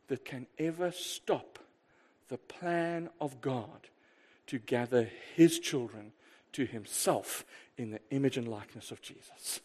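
A male pastor preaching a sermon, emphatic and lively, asking rhetorical questions and swinging between loud bursts and quiet asides. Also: mid-range voice, measured pace.

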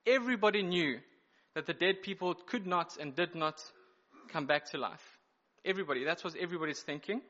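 A male preacher delivers a sermon in a bright, forceful voice pitched slightly above average. He teaches emphatically, unpacking each point with measured pauses and correcting himself along the way. The recording sounds somewhat dull and lo-fi.

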